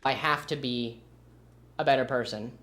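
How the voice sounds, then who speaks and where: A man's voice: medium pitch, normal speed, fairly bright tone. A man narrating a commentary video in a blunt, casual way. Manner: blunt, casual, talks over clips.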